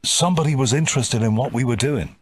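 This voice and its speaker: Man from the UK, interview host, middle pitch, halting word repeats. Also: slight background noise. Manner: halting, repeats words as he starts sentences. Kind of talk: interview chat.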